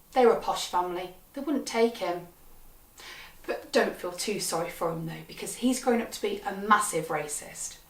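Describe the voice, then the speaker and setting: A woman comedian with a wry, deadpan delivery, telling a funny personal story. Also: mid-range voice. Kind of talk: comic storytelling performance. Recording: echoey, from a distant mic.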